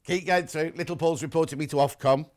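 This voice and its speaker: A man's voice: fairly high pitch, fairly even intonation, a little fast. A male TV shopping host who chats live in a studio, reads out viewer messages and jokes about himself. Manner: chatty, self-mocking, jokey. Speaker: shopping channel presenter.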